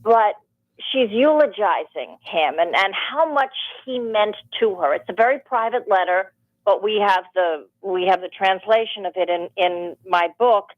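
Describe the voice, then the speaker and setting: A woman, an author and audiobook narrator, telling animated stories as a guest in a radio studio interview. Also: medium pitch, a little slow, no room sound, narrow, tinny audio. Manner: animated storytelling, rambling with restarts.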